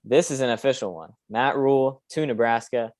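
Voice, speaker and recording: A man's voice: medium pitch, moderate pace, darkish tone, dry recording. A young man hosting a casual sports podcast, opinionated and rambling with lots of fillers. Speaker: podcast host.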